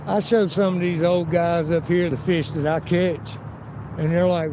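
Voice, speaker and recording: Brief: a fairly high-voiced man walking outside on a phone stream, rambling and swearing through his stories, with loud street noise behind him. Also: steady tone, measured pace. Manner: profane, rambling storyteller who acts out quotes. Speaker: live-streaming vlogger. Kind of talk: casual live-stream vlog, walking outdoors. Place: outdoors by a river and town streets.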